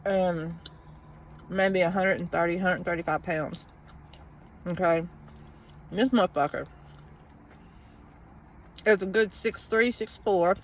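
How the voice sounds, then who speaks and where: A woman's voice: on the low side, takes it slowly, long pauses, slight background noise. A woman talks in a blunt, profane, rambling way in a casual vlog, venting from inside a vehicle in a parking lot. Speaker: vlogger.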